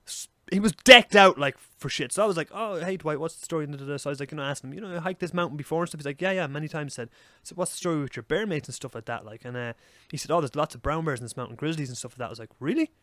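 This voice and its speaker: Irish male podcast co-host, young, quick and animated, higher-pitched, swears a lot. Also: dry recording. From Ireland. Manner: animated, swears freely, rapid. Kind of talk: casual storytelling chat.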